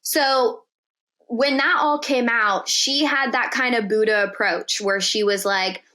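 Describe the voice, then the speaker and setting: Woman, podcast guest, bright tense voice, casual storytelling, profane, animated quoting. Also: fairly high pitch, slow. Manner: animated, profane, acts out quotes in dialogue.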